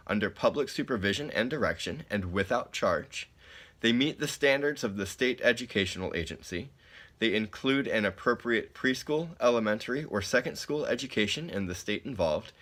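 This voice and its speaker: Man, low voice, bright tone, casual presentation, legal reading, plain explanations. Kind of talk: recorded slide presentation, reading legal definitions aloud.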